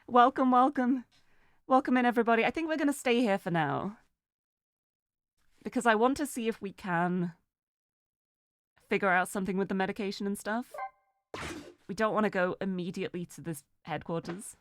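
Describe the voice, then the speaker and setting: A woman's voice: medium pitch, normal speed, pauses often. A British woman chatting casually and giggling while streaming a video game. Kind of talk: casual gameplay commentary.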